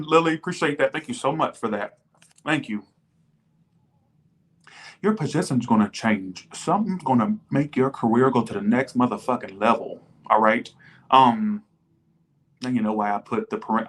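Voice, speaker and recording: A man's voice: medium pitch, fairly bright tone. A man giving a casual tarot reading to viewers, blunt and profane, who often slips into mock replies from imagined viewers. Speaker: tarot reader.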